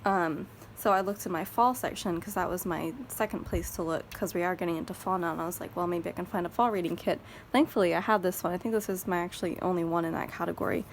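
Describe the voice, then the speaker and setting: Low, gravelly Texan woman vlogger. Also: steady tone, quick pace, few pauses, a little hiss or hum. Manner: chatty and rambling, thinking aloud. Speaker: planner vlogger. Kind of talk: casual chat. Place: home craft desk with a fan running.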